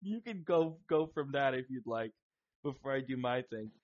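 A man co-hosting a podcast in casual chat, excitable, swearing and laughing a lot. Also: medium pitch, moderate pace. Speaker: podcast co-host. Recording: dull lo-fi sound.

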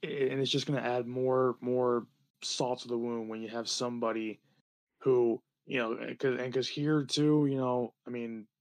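A young man from New Jersey co-hosting a podcast, talking in a rambling, animated way with lots of fillers and laughter. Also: medium pitch, normal speed. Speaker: podcast co-host. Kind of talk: casual podcast chat.

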